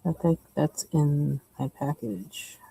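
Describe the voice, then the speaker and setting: A woman's voice: sits low, slow, creaky, warm tone, husky, no room sound, low-quality recording. A woman hosting a coloring livestream, chatting casually and rambling while she picks colors. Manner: chatty and rambling, laughs often, trails off while searching for colors.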